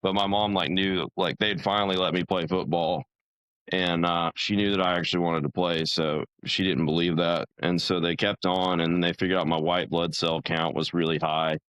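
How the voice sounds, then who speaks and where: Low-voiced young man telling his story. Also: steady tone, moderate pace, a bit bright, clean tone, no echo, rough recording. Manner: rambling, many fillers and restarts. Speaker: podcast guest. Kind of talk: casual interview storytelling.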